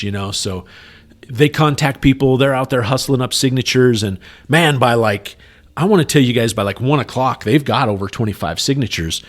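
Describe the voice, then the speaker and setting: A man's voice: medium pitch, brisk. A man co-hosting a podcast, telling a long story in casual chat and acting out the other people's lines in quotes. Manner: animated, retells scenes in quoted dialogue, many "you know" fillers. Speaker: podcast co-host.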